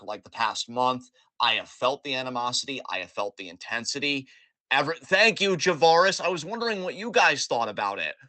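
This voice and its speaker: A man hosting a podcast, recapping events in an animated, joking way with plenty of swearing. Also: mid-range voice, dry recording. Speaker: podcast host. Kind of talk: casual wrestling recap chat.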